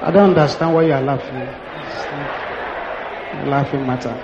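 A Nigerian man in his sixties, a pastor telling stories in an animated sermon and acting out the dialogue. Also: mid-range voice, moderate pace, a crowd in the background, background noise. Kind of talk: sermon storytelling. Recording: echoey hall, dull lo-fi sound.

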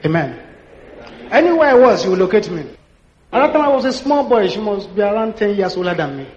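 A Nigerian man in his sixties, a pastor telling stories in an animated sermon and acting out the dialogue. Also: high voice, quick pace. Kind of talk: sermon storytelling. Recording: echoey hall, dull lo-fi sound.

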